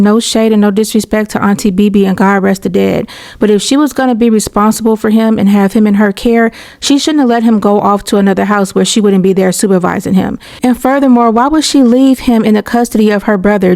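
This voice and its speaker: A woman's voice: medium pitch, fairly quick, darkish tone. A woman hosting casual reaction commentary, candid and opinionated, talking in a conversational way with slang.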